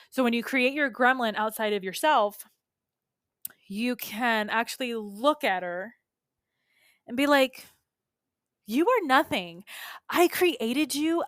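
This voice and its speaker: A woman's voice: medium pitch, fairly bright tone, smooth, dry recording, studio quality. A woman coach and podcast host teaching in a casual, earnest and emphatic way, with frequent asides to her listeners. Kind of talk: solo podcast teaching talk.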